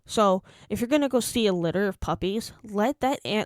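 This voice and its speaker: A woman's voice: mid-range voice, normal speed, few pauses, no room sound, clean studio sound. A young woman vlogger telling a personal story in casual chat, rambling, repeating words and restarting her sentences, into a desk mic. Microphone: desk microphone.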